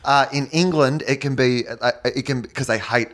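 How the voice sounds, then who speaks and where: A man with an Australian accent, a comedian guest chatting and telling animated stories with frequent laughs. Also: medium pitch, normal speed. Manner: animated storyteller, laughs often. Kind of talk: casual podcast chat.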